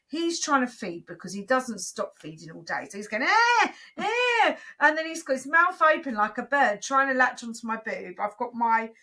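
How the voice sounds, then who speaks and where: A woman, co-hosting a casual podcast chat and animatedly acting out a story, switching into loud, high voices for the people in it. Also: expressive. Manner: acts out voices of her crying kids and herself, gets loud and fast. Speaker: podcast co-host.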